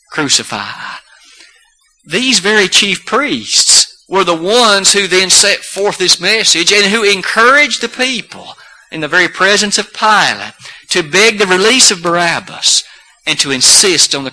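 Bright, high-voiced male preacher. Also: rough recording. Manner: deliberate and emphatic, with rhetorical questions. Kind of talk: sermon.

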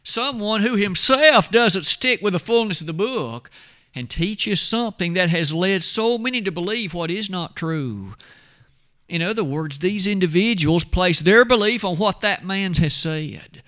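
A man delivering an expository sermon with a bright, forceful voice pitched a little high for a man. He reads scripture in measured tones and drops lower and slower on quoted lines. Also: lively intonation. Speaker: preacher.

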